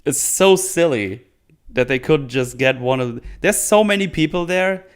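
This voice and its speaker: A man's voice: a little high, expressive, normal speed, clear, resonant tone. Sarcastic, profane man recapping a show. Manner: profane, sarcastic, acts out characters in silly voices. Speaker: show host. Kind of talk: casual TV episode recap. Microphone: desk microphone on an arm.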